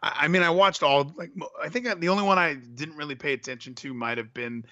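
Guy with a bright, forward voice, rambly and open, dry close sound. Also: a little high, fast talker, no echo. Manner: candid, sentimental and rambling. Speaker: podcast co-host. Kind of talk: casual wrestling chat.

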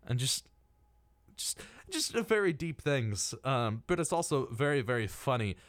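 A man's voice: medium pitch, big pitch swings, a little slow, no room sound, studio quality. A young man co-hosting a casual college radio talk show, rambling with lots of fillers and laughing often.

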